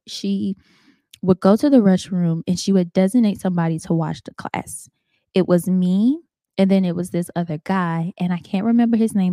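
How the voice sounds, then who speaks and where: A woman hosting her own podcast, speaking in a warm, mellow voice. She chats casually and earnestly with her listeners. Her voice is recorded dry and close. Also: fairly low pitch, no room sound. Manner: chatty, addresses listeners as "y'all"; storytelling, earnest and faith-filled. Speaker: podcast host. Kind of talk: casual heartfelt monologue.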